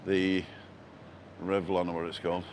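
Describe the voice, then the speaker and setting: A man's voice: low voice, little pitch movement, normal speed, background noise. A middle-aged man hosting a casual live stream as he walks outdoors through town streets, chatting and reading out viewer comments with a joking manner.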